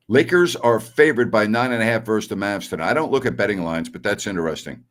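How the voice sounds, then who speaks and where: A middle-aged man runs a sports talk stream, his lowish voice animated and brisk. He fires back at viewer messages with blunt, strong opinions and scoffs at callers.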